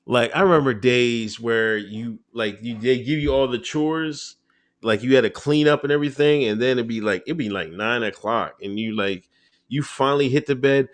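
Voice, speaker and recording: A man being interviewed, talking casually about his time in the Air Force, laughing often and acting out quotes with sudden high-pitched voices. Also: normal speed, no room sound. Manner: laid-back, laughs often, acts out quotes with big pitch jumps. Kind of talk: casual conversational storytelling.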